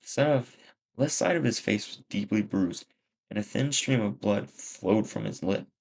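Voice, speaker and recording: Low gravelly man reading a story. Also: lively intonation, moderate pace, a little mellow, rough recording. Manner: plain first-person reading with small slips. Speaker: story narrator.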